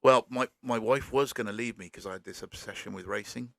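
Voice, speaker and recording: A man's voice: on the low side, fairly quick, gravelly, a bit bright, no room sound. A man, an English paramedic, chatting casually and self-deprecatingly in a podcast interview, full of dad jokes. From England. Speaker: paramedic guest.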